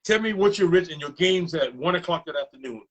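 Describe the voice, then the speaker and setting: A middle-aged man with a fairly high voice, hosting a talk show as a retired coach. He is chatty and tells stories freely. He keeps addressing his guest by name. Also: lively intonation, a little fast, fairly bright tone, husky, lo-fi sound. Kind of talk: casual interview talk.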